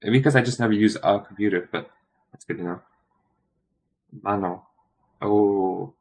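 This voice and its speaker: A man's voice: lowish voice, measured pace, a little mellow. A man thinking aloud during a study stream, muttering and correcting himself as he works through a quiz, tired and yawning.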